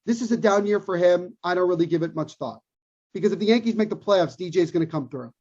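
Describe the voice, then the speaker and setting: A man with a husky, breathy edge holds forth on a sports podcast, emphatic and opinionated. He hammers his points home by repeating them. The sound is muffled and lo-fi. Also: sits high, fast, a little mellow. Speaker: podcast co-host. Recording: dull lo-fi recording.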